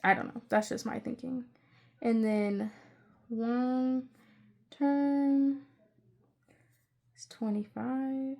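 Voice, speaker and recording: A young woman chatting casually through her budget, rambling with excitable asides. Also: a little high, drawn-out words, creaky, long pauses. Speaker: budgeting channel creator.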